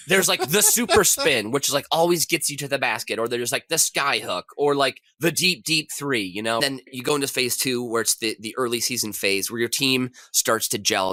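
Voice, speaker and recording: A man, a podcast contestant, pitching a game idea in casual, rambling chat. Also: sharp tone, no echo.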